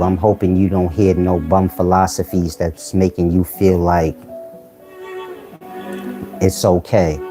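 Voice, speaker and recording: A man giving a casual philosophical monologue to his viewers, blunt and full of street slang, firing rhetorical questions. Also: low-pitched. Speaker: channel host giving life advice.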